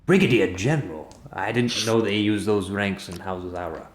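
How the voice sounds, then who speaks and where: A man's voice: on the low side, normal speed, roomy sound. A man narrating as game master of a tabletop game, often slipping into pompous character voices.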